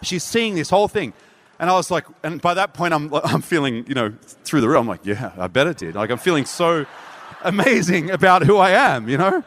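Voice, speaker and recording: A man preaching a sermon, telling a story with animated delivery and acting out voices. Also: a little high, brisk. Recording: reverberant hall.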